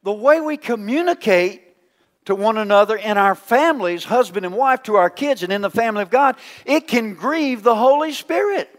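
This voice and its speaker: High-voiced pastor preaching. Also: male voice, animated, moderate pace, long reverb tail. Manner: folksy, teasing, swings from loud to hushed. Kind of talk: sermon.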